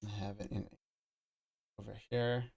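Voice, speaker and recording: A man's voice: fairly low pitch, little pitch movement, unhurried, creaky, darkish tone, husky. A man casually talking through a live stream at his computer, rambling and thinking aloud as he goes. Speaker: crypto collectibles streamer. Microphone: desk mic.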